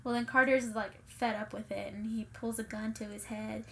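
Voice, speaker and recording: Bright-voiced woman, chatty podcast co-host. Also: on the high side, steady tone, normal speed, gravelly, a little hiss or hum. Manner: chatty, laughs easily, recalls scenes with the host. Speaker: co-host, the host's wife. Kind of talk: casual chat.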